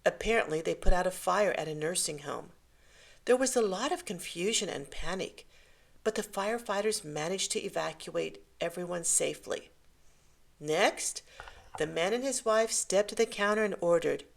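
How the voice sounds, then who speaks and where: A woman reading a short story aloud in a gentle, measured way. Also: fairly low pitch, gravelly. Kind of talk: scripted story narration.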